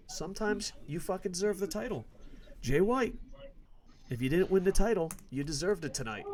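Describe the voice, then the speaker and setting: A man's voice: sits high, big pitch swings, normal speed, darkish tone, a little hiss or hum. A man hosting a wrestling podcast, ranting with heavy swearing and sarcasm in casual prediction talk. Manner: profane, emphatic, sarcastic.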